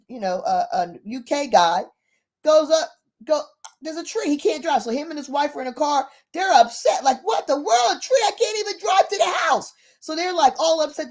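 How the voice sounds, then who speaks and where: A woman retelling a story in a casual, chatty, animated way. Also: high-pitched. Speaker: speaker.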